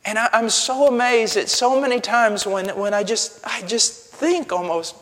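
A male pastor preaching a sermon with passion, dropping to a hush and then rising to a shout. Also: sits high, a little slow, in a large hall. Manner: impassioned, swings from hushed to shouting.

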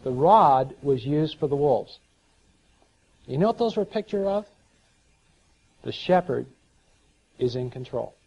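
A man preaching a sermon, telling a story and moving between soft asides and emphatic scripture reading. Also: mid-range voice, expressive, a little slow, creaky, pauses often, slightly rough. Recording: dull lo-fi sound.

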